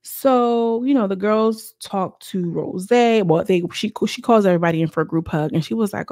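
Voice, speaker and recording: A woman casually recapping a reality show episode in a chatty, slangy way, with lively quoted voices. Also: medium pitch, a little fast, few pauses, dry recording, clean studio sound.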